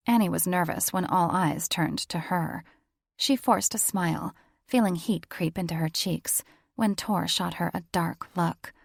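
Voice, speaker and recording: A woman narrating a romance audiobook in a measured storytelling manner. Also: on the low side, creaky, slightly rough, dry recording, studio quality. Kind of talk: scripted narration.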